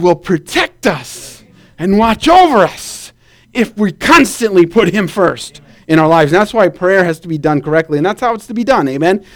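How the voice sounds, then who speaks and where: A man preaches with a notably high voice, leaning into vivid storytelling. He keeps asking his listeners to say amen as he goes. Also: normal speed. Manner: animated storytelling with calls for amen. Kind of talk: sermon.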